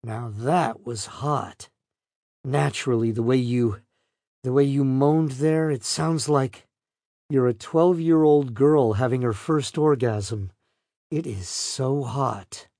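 A man voicing a young man on a phone call who speaks slowly, low and quietly. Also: dry recording, clean studio sound.

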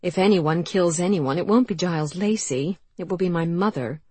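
A woman voicing a witty, sharp-tongued young lady with a dry, teasing manner, in an audiobook. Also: lowish voice, moderate pace, breathy edge, no echo. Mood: wry. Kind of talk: audiobook character voice.

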